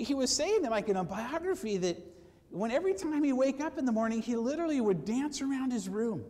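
A man preaching a sermon to his congregation, lively and conversational, calling for amens and acting out quoted voices. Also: high-pitched, in a large hall. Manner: animated, acts out quoted voices, asks for amens. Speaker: pastor. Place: church sanctuary.

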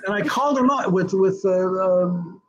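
A man's voice: high-pitched, normal speed, lo-fi sound. An older man as an interview guest, telling anecdotes and acting out other people's lines as he goes. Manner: acts out other people's lines in quotes, hums rhythms. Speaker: interview guest, writer-director.

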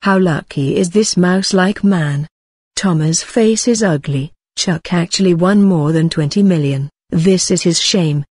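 A scornful young woman taunts and goads in a spiteful, mocking tone, as a female narrator reads her lines. The voice is lowish and breathy, recorded dry. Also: unhurried, a little mellow, no room sound.

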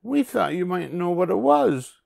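A man voicing an excitable, jittery male pig in a storybook, loud and panicky. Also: high voice, measured pace, vocal fry, voice pushed up, heavily acted. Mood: eager. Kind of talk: storybook reading.

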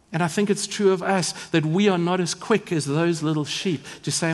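A man preaching in a big church, his voice sitting a little high for a man. He leans into words for emphasis, then drops soft, and the long reverb of the hall trails every phrase. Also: normal speed. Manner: emphatic, rising and falling in volume for effect. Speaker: pastor. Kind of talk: sermon.

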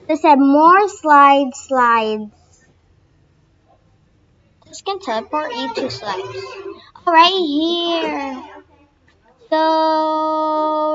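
A young woman casually narrating her game play, excitable and full of fillers, squealing now and then. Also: high-pitched. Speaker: gaming channel host. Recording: dull lo-fi recording.

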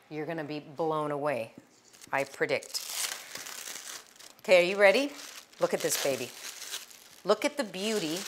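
Loud, lively woman hosting a cooking show. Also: low voice, a little hiss or hum. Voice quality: loud, projecting voice. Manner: chatty and enthusiastic, talking to the viewer while working dough. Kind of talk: casual cooking demonstration.

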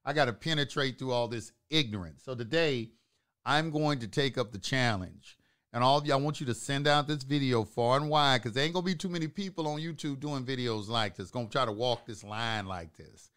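A man's voice: mid-range voice, fairly quick, a bit bright. Emphatic man preaching to his viewers. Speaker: host of an online talk channel. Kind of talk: live-streamed monologue to viewers.

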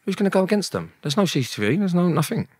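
A man's voice: high-pitched, big pitch swings, rapid-fire, a little mellow, breathy edge, dry recording, studio quality. Blunt London man telling prison stories. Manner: blunt, slangy, swears a lot, acts out dialogue. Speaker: guest. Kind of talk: storytelling in an interview.

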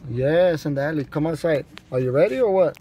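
With a fairly high, animated voice and a dark tone, this vlogger speaks fairly quickly while filming from his truck and an alley on his phone camera. He laughs often and teases his viewers, and there's a little hiss or hum in the audio.

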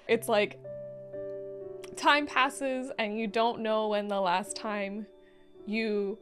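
Young woman, high voice, unhurried delivery, emotional anime reaction commentary, exclamatory, faint music behind. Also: steady tone. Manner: emotional, exclamatory, thinks aloud with many "like"s.

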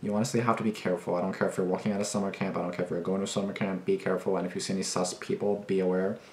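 Very fast and a little mellow, this young man's low voice barely moves in pitch. Hosting a reaction video, he rambles in an agitated, casual way, swearing plenty and restarting, and the echoey room carries slight background noise.

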